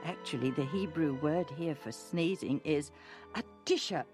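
Woman Bible storyteller, slow, low-ish voice, music bed. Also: mellow. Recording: narration over music.

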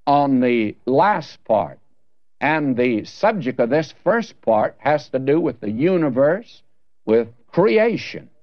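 A man's voice: on the high side, no echo. A man preaching a Bible sermon, earnest and folksy, asking rhetorical questions and speaking straight to the listener. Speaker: Bible teacher. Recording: dull, slightly muffled dry recording.

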